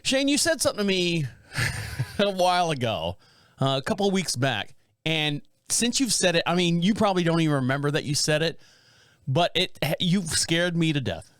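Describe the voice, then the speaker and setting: A man in his fifties, co-hosting a casual home-studio chat and telling rambling, animated stories with frequent laughs. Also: fairly high pitch, normal speed, smooth, no echo. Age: 50s. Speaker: podcast co-host.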